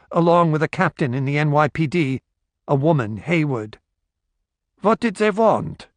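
A man's voice: on the high side, no echo, studio quality, voice pushed up, close to an everyday voice. A man voicing a frightened woman who pleads desperately and sobs, in an audiobook. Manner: desperate, sobbing pleas. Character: terrified pleading woman, a nurse's wife.

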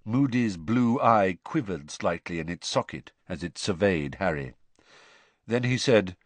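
Male audiobook narrator, low voice, lively pitch, dry close sound. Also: a little slow, no room sound.

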